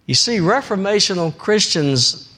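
Slow, emphatic preaching man. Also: lively intonation. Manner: emphatic, repetitive preaching with vivid analogies; wide swings from raised high emphasis to low quiet phrases. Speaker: pastor. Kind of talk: sermon.

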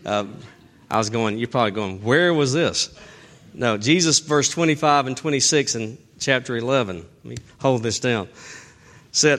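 A man preaching a sermon as a pastor, with impassioned delivery that swells loud and then drops low, outdoors in the wind. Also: animated, normal speed.

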